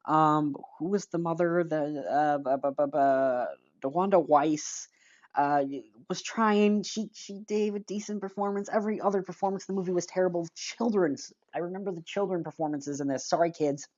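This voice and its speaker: A woman's voice: fairly low pitch, steady tone, normal speed, darkish tone, lo-fi sound. A woman giving a casual movie review, blunt and rambling, sighing and groping for names.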